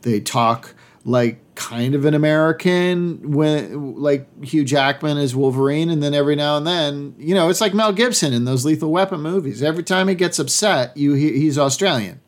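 A man's voice: a little high, moderate pace. A man from Massachusetts, an actor, talking bluntly in casual chat and swearing often. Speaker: actor, podcast co-host.

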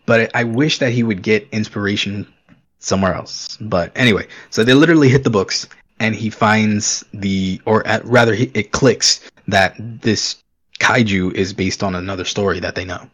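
A man's voice: fairly low pitch, normal speed, fairly bright tone, highs cut off. A man co-hosting a casual podcast, rambling and griping through an episode recap. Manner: griping, rambling with fillers and laughs. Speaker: podcast co-host. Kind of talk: casual chat recapping a TV show.

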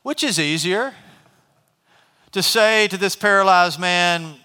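A male pastor preaching a sermon, telling the story in a lively way and acting out the people in it. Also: high voice, normal speed, long pauses. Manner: animated storytelling, acts out characters. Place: church sanctuary. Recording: reverberant hall.

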